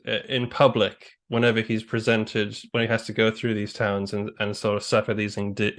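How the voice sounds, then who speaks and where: A man hosting a casual history discussion, thoughtful and rambling as he talks through his ideas aloud. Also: lowish voice. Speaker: podcast host.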